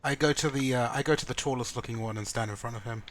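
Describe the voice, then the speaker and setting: A man's voice: mid-range voice, quick pace. A male player describes his character's actions, stammering and restarting as he goes. A faint hiss sits under his voice on the call. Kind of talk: casual tabletop game play.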